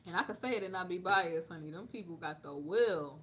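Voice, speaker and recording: A woman from the United States, reading news aloud and commenting on it in a sassy, animated way. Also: fairly low pitch, a little fast, slight background noise. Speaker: vlogger reacting to news.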